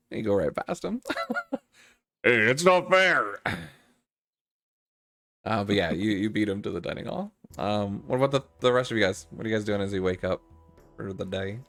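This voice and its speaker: A man's voice: on the low side, animated, fairly quick, dry recording. Laid-back man running a tabletop game. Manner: loose, laughing, casual. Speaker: game master.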